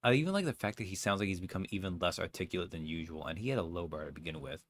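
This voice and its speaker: A man's voice: sits low, lively intonation, rapid-fire, dry recording. A man giving wry, chatty commentary while playing a video game. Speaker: let's play host.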